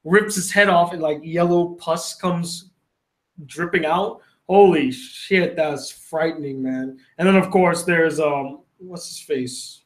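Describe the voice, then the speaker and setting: High-voiced man casually answering live chat. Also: slow pace, fairly bright tone. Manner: rambling, swears casually, self-interrupting. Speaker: livestream host answering chat questions. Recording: echoey room.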